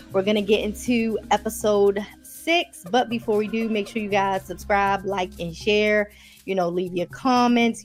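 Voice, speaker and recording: Chatty Baltimore woman recapping a show. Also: medium pitch. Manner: chatty, addresses viewers as y'all. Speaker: TV episode reviewer. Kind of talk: casual recap to viewers.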